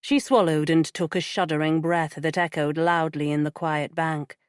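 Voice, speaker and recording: A woman narrating an audiobook in a measured, even storytelling manner. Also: sits low, clean tone, no echo, clean studio sound. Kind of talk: scripted narration.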